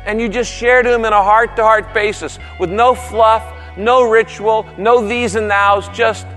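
A middle-aged man preaches a sermon in a folksy, animated way, joking with his congregation. His voice sits rather high for a man. The long reverb of a large hall trails after each phrase. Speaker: pastor.

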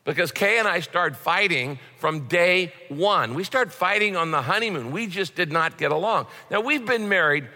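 Bright-voiced male preacher in a hall. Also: high voice, expressive, normal speed, few pauses. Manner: conversational preaching with repetitions. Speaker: pastor. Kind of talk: sermon. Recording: long hall reverb.

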